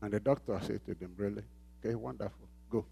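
A man's voice: fairly low pitch, quick pace, creaky, mellow, breathy edge. A man preaching a sermon as pastor, emphatic and repeating phrases, calling out questions for the congregation to answer. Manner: call-and-response questions to the congregation.

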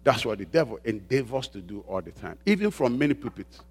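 A man preaching a sermon as pastor, calling out questions for the congregation to answer and slowing down to stress key words. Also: medium pitch, big pitch swings, slightly rough. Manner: call-and-response preaching, prompting the congregation with "what?"; rises and presses louder on key points, slows on emphasized words.

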